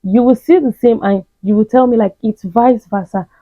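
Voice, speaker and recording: A woman's voice: a little high, normal speed, no room sound. A woman giving a blunt, preachy self-help talk, hammering the same points again and again. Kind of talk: direct-to-camera advice monologue. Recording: tinny phone-like sound.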